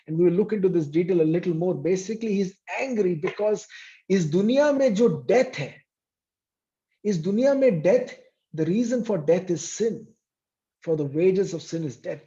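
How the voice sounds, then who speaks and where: Man preaching, dark muffled voice. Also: quick pace. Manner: switches between English and Hindi, repeats phrases for emphasis; rises to a raised, intense pitch when stressing a point. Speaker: pastor. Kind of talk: bilingual sermon in English and Hindi. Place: church service.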